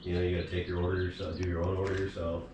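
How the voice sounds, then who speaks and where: Low-voiced man, distant and echoey. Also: monotone, rapid-fire. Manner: rambling, profane, joking. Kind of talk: casual storytelling. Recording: very echoey, distant from the mic, faint noise.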